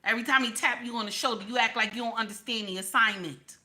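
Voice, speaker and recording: A woman hosting a casual livestream chat, animated and playful, teasing her viewers and tossing in "okay?" again and again. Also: fairly high pitch, fast. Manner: keeps repeating "okay?". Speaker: livestream host.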